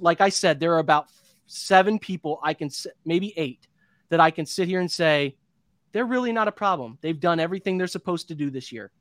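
A man's voice: fairly high pitch, fairly bright tone, no echo, clean studio sound. A man in his thirties hosting a postgame sports show, venting in an impassioned, repetitive rant. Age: 30s. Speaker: podcast host.

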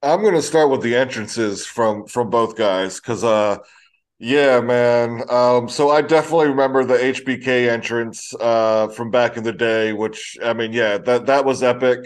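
A man's voice: mid-range voice, normal speed. A man co-hosting a podcast, giving laid-back opinions on wrestling with joking swearing. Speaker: podcast co-host. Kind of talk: casual wrestling chat.

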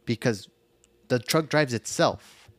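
A man thinking out loud on a podcast, his sentences full of "like" and casual swearing. He has a mid-pitched voice recorded dry and close, with no room sound. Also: expressive, slow, no room sound. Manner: musing, heavy use of "like", profane. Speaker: podcast co-host.

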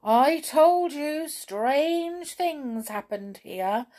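Woman doing a high, excitable young pixie boy. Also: very slow, exaggerated voice. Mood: excited. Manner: urgent, dramatic exclamations.

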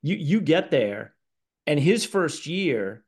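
A man's voice: fairly high pitch, very animated, slow pace, husky. A man hosting an interview who sums up facts and asks short questions. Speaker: interviewer, host. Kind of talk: casual interview.

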